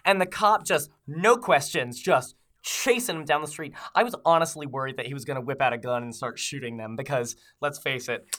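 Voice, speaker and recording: A man co-hosting a comedy podcast, hoarse from a cold, chatting in a jokey way and laughing often. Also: mid-range voice, brisk, few pauses, bright, forceful tone. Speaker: podcast co-host. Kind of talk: casual comedic chat.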